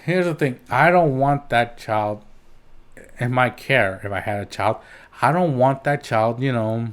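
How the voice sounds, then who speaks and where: A man's voice: mid-range voice, unhurried. A man hosting his own podcast, ranting in a heated, rambling way with blunt swearing and frequent restarts. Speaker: podcast host. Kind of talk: solo podcast rant.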